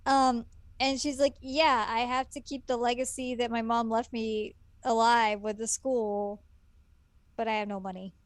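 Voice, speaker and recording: A woman's voice: a little high, little pitch movement, a little slow, dry recording. Wry woman co-hosting an anime chat. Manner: wry, skeptical quips. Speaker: co-host. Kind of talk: casual chat.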